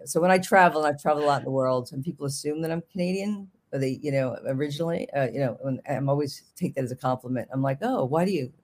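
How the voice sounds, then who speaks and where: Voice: medium pitch, quick pace, hardly any pauses. An author from New York talking casually in an interview, rambling, restarting sentences often and joking along the way. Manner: rambling, self-interrupting, jokey. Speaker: author guest.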